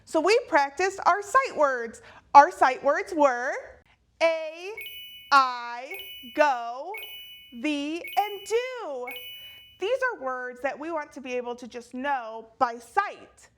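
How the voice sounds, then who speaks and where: A woman teaching a children's phonics lesson, cheerful and clearly enunciating each word for young learners. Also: high-pitched, animated, slow pace, a bit bright, slight background noise.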